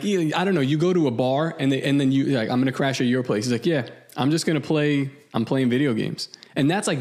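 A man's voice: medium pitch, darkish tone. A young man co-hosting a podcast, rambling through profane stories and laughing as he tells them. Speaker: podcast co-host. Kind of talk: casual podcast chat.

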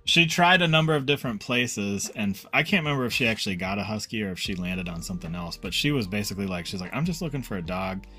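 A man in a casual chat, relaxed and rambling with lots of "like". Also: lowish voice, quick pace, hardly any pauses.

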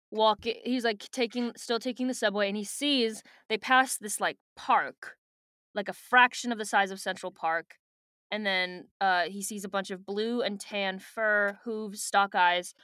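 A woman's voice: mid-range voice, measured pace, pushed and bright, dry recording, clean studio sound. A woman co-hosting a podcast in casual book-club chat, talking with lots of fillers and offhand swearing. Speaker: podcast co-host.

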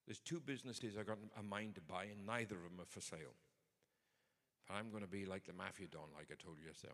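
A man's voice: low voice, quick pace, long reverb tail. A man preaching a sermon in a conversational but emphatic way. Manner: conversational, emphatic, builds to forceful points.

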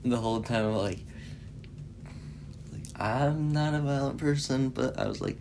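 A man's voice: medium pitch, normal speed, noisy background. A man giving a casual, rambling spoken recap of a movie, full of "like" and swearing freely. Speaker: movie reviewer.

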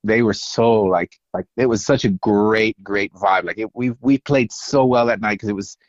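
A man, a musician guest, telling lively anecdotes in casual interview talk, full of "like" and "you know". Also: lowish voice, normal speed, no echo, muffled recording. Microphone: phone line.

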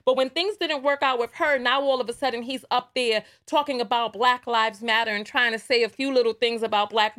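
A woman with a somewhat high voice hosts a livestream and delivers emphatic commentary. She presses her points, repeats herself for weight and keeps tossing in rhetorical asides to her viewers. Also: a bit bright. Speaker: livestream host.

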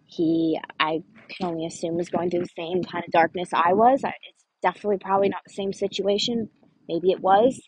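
A woman's voice: lowish voice, steady tone, fairly quick, slight background noise, low-quality recording. A woman telling a true personal story in an earnest, conversational way, often saying "like". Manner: earnest, conversational, frequent "like" fillers.

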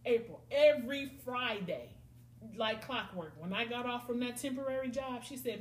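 On a casual podcast, a middle-aged woman host tells animated stories and performs her friends' voices. Her voice sits on the high side at a normal speed, and the room is echoey with faint noise.

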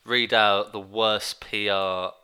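A man co-hosting a podcast in casual chat, playful and quick to laugh. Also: on the low side, little pitch movement, pushed and bright, smooth. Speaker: podcast co-host.

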